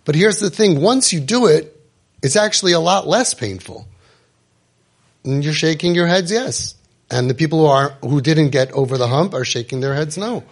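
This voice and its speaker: A man's voice: on the high side, animated, moderate pace. A man speaking with fervor to a roomful of parents, urging and scolding in a preachy, emphatic way and sprinkling in Hebrew and Yiddish terms. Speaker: parenting coach and podcast host. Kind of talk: impassioned talk to a live group.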